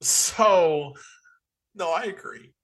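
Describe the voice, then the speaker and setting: A man's voice: high-pitched, extremely slow, fairly bright tone, a little hiss or hum. A man in casual podcast chat, retelling a movie with exasperated swearing. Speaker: podcast co-host.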